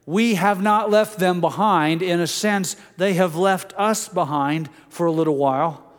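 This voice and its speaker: An older man preaching a sermon, telling stories gently and dropping soft and low for quotes. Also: measured pace, big-room sound. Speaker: pastor.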